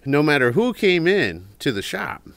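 A little high and marked by vocal fry, this man's slightly bright voice swings widely in pitch at a moderate pace on a dry recording. Co-hosting a casual podcast from a cigar shop, he tells rambling stories with many fillers and mimics a squawking parrot.

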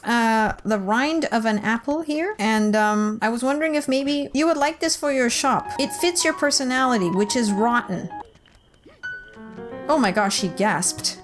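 Young woman, high voice, silly let's play commentary, squealing and pleading, faint music behind. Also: normal speed. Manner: silly, talks to game characters as the goose, pleading and squealing.

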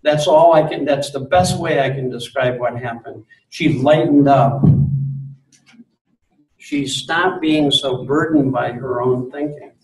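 A man's voice: mid-range voice, a little slow. Earnest man giving a spiritual talk. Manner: earnest, gently insistent, repeats for emphasis. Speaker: speaker on spirituality. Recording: roomy, distant mic.

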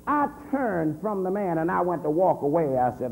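Male minister, convention testimony, wildly animated pitch, echoing hall, faint hum. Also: moderate pace, vocal fry. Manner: storytelling, swings from low murmur to shouting.

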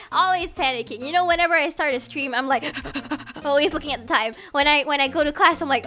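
Giggly high-voiced young woman streamer. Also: lively intonation, fairly quick, few pauses, sharp tone, faint music behind. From Singapore. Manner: giggly, chatty, rambling. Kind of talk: casual livestream chat.

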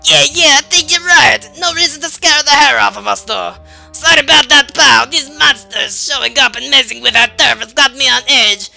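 A brash, turf-guarding mole creature from a video game barks at strangers in a vaguely Italian accent, put on by a woman. The voice sits fairly high and comes out very bright and forceful, all gruff swagger and volume. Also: normal speed, soft background music, heavily acted. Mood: tough. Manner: loud, gruff, swaggering, shouty. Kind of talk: game dialogue voice-over.

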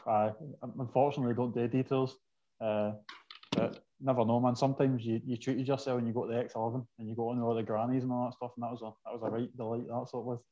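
Fast-talking Scottish man on a dull, lo-fi mic. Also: medium pitch. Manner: fast, animated banter, sweary. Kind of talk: casual podcast chat. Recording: dull, lo-fi sound.

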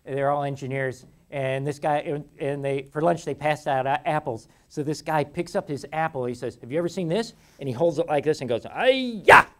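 Chatty man lecturing, higher voice. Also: fairly even intonation, fairly quick, few pauses, a little mellow. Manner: chatty, laughs often, many restarts. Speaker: university lecturer. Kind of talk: classroom lecture. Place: lecture hall.

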